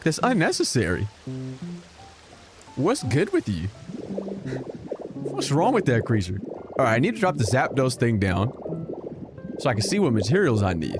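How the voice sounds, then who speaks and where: While streaming a video game over background game music, a man chats casually, joking and swearing freely. His mid-range voice swoops wildly in pitch, and he speaks a little slowly with frequent pauses.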